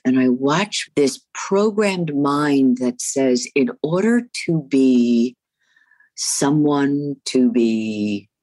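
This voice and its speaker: A woman's voice: extremely low pitch, expressive, drawn-out words, warm tone. A woman from New Jersey, a stage and screen actress, talking expressively and emphatically in a casual interview. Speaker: actress, guest.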